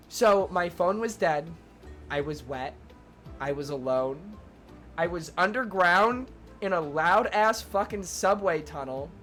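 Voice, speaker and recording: Speaking in a high, slightly bright voice, a young streamer rambles through a long casual story for his chat. Nearly every phrase carries a "like," the swearing is frequent, and he keeps breaking off to thank viewers.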